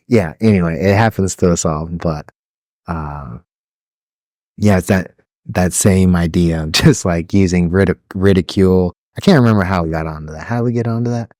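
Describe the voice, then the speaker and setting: Young man, podcast co-host, lowish voice, dry close sound, rambling, laughing, profane storyteller. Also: normal speed, dry recording. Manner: rambling storyteller, swears a lot, laughs often, mimics yelling drill instructors. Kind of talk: casual chat.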